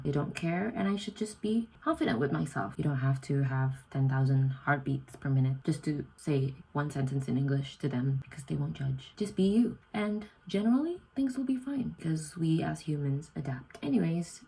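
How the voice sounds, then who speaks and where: A woman's voice: expressive, normal speed, gravelly, hardly any pauses, mellow, slightly rough, low-quality recording. A young woman from Indonesia, chatting casually to camera in her student room at night. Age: young adult. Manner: chatty, self-deprecating, acts out quoted lines in a higher voice. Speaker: vlogger, exchange student. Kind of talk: casual talking-to-camera vlog.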